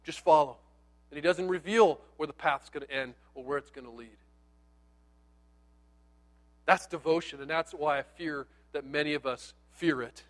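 A male pastor preaching a sermon in a conversational, animated storytelling style with playful asides, dropping to a near hush on key words. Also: on the high side, normal speed, pauses often.

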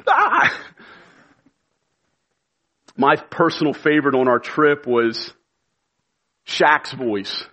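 A pastor preaching a sermon with earnest conviction, building to emphatic, shouted appeals. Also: male voice, medium pitch, slow pace.

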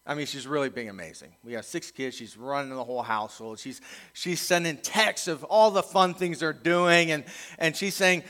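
A man's voice: fairly high pitch, moderate pace, sharp tone, long reverb tail. A middle-aged male pastor preaching a conversational sermon, acting out the voices he quotes.

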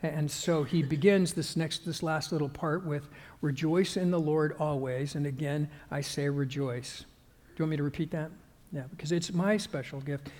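A male pastor giving a conversational sermon, halting with fillers and restarts and growing more emphatic as he goes. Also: on the high side, steady tone, a little mellow, in a large hall.

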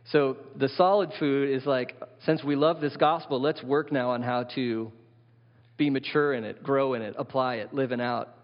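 A man preaches from the pulpit in an animated way and keeps putting questions to his listeners. His voice sits at an ordinary middle pitch. The sound is dull and lo-fi, and a long reverb trails through a large hall. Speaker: pastor. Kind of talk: sermon.

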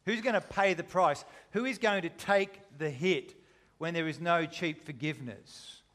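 A man's voice: fairly high pitch, a little slow. A man preaching a sermon, retelling a story with dramatic, shifting intensity. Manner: dramatic, shifting between loud and hushed.

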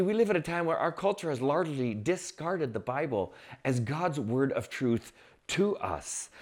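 A man preaching a sermon, reading scripture and acting out the crowd's shouts with dramatic swings. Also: a little high. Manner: reads scripture aloud. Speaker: pastor.

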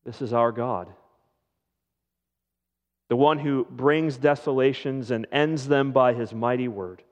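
Slow, measured male preacher in a reverberant hall. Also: mid-range voice, darkish tone. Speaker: pastor. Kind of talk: sermon. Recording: dull lo-fi sound with long hall reverb.

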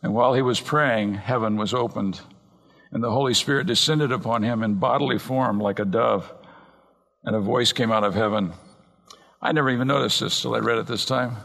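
A man preaching an earnest expository sermon from the pulpit, slowing down and speeding up to stress points. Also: mid-range voice, gravelly, a bit bright. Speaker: pastor. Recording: long reverb in a large hall.

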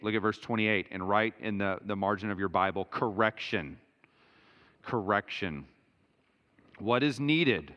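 A man preaching a sermon as pastor, emphatic and building to near-shouts as he drives his points home. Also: fairly low pitch, long reverb tail.

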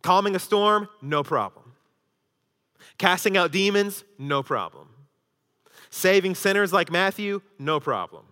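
A man preaching a sermon as pastor, swinging between loud emphasis and hushed intensity. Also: high voice, lively intonation, measured pace, long pauses, smooth. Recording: long hall reverb.

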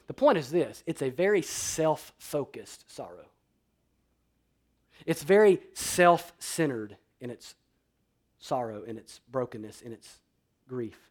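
A man pastor preaching a sermon, swinging between loud emphatic declarations and quiet, low-voiced passages.

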